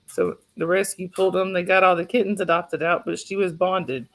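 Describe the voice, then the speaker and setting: A woman's voice: lowish voice, flat delivery, brisk. A woman from North Georgia with a Southern drawl, chatting casually on a livestream from home and introducing her pets. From North Georgia, USA. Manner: chatty, laughs often, talks to her pets and child. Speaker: livestream host. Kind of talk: casual chat. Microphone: phone.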